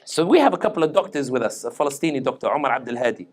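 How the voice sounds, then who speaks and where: A man's voice: medium pitch, big pitch swings, racing. A man from Tunisia with a British accent, a political analyst giving a joking, anecdotal public talk at an Islamic center. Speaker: political analyst, guest speaker.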